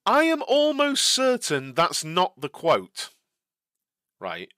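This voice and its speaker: A young man chats through a live stream with a slightly high voice that swings up and down a lot. He answers viewers as he goes, repeating himself and laughing easily. His delivery is unhurried. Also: huge pitch swings, pushed and bright, dry recording, clean studio sound. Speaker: streamer hosting a live watch-along.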